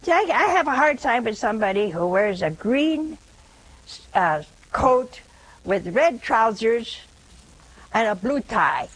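Taking her time, a nun speaks in a fairly high, sing-song voice during a spiritual talk. She keeps it conversational with gentle teasing and frequently poses rhetorical questions to check in with listeners. The recording is of poor quality.

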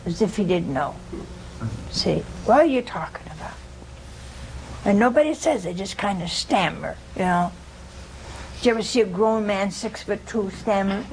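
A woman's voice: medium pitch, animated, moderate pace, vocal fry, a little hiss or hum. A woman giving an informal religious talk to a live audience, chatty and humorous, often putting questions to her listeners. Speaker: religious teacher.

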